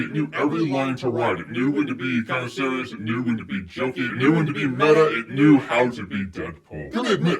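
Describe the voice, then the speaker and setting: A man's voice: medium pitch, distant mic. A young man giving a casual, irreverent movie review and swearing freely.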